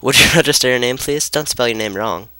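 A man's voice: medium pitch, brisk, sharp tone, clean tone, no room sound, voice pushed up. A man voicing a chatty, eager boy on the phone in a put-on British accent.

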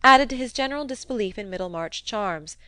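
A woman's voice: medium pitch, lively intonation, a little fast, sharp tone, no room sound. Woman reading a classic novel aloud. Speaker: audiobook reader. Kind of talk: scripted narration.

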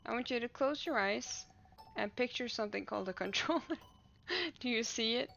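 A woman's voice: on the high side, lively intonation, normal speed, creaky, a bit bright, lo-fi sound. A woman streamer reading a dance-loving game character's lines in an enthusiastic, coaxing way. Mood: encouraging. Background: faint game music.

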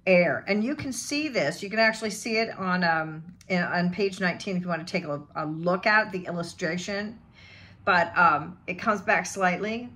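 A woman with a lowish, pushed, bright voice coaches pronunciation, drilling sounds in a slow, deliberate way. She comes from the western United States and speaks with a General American accent.

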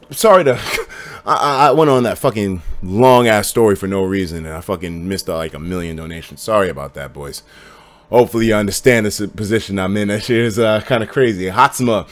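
A young man streaming live, telling a story in casual chat. He swears freely and swings from low mutters to loud bursts. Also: normal speed.

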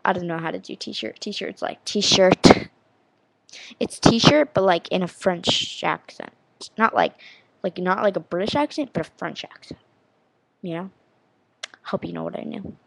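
A woman's voice: on the low side, moderate pace, vocal fry, fairly bright tone, slight background noise. A young woman in her teens, casually vlogging, rambling and self-deprecating as she practices counting and saying words. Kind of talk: casual vlog chat.

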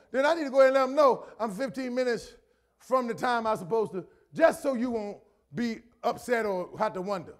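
A middle-aged man preaching a sermon as pastor, talking to the congregation conversationally, repeating phrases for emphasis and building to shouted points. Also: extremely high pitch, fairly quick.

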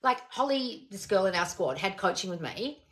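A woman's voice: medium pitch, animated, moderate pace, fairly bright tone. A woman, a manifestation coach answering questions on a live stream, blunt and exasperated, swearing often.

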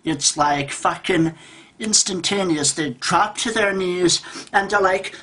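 Man, 30s, home vlog rant, bright and husky voice, frustrated and foul-mouthed, trips over his words. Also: sits high, unhurried. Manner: frustrated, profane, rambling with restarts. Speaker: vlogger. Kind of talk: ranting vlog monologue. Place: at home by a table.

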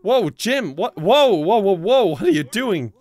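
A man's voice: high voice, big pitch swings, measured pace, darkish tone. A young man with an Irish accent giving playful, sarcastic commentary over a life-sim game, laughing often and breaking into sudden yelps. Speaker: gaming YouTuber. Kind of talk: gameplay commentary.

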